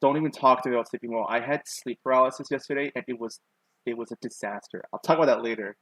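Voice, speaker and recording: A young male streamer with a mid-range, fairly bright voice talks very fast while sketching on a live stream. The low-quality recording is dry and close-miked with no room sound. His storytelling rambles loosely, crammed with "like" fillers and self-mocking asides.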